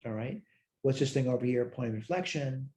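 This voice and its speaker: A man's voice: medium pitch, expressive, brisk, a little mellow. A tired man teaching a recorded math lecture, thinking aloud as he works problems, correcting himself and answering his own questions. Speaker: math instructor.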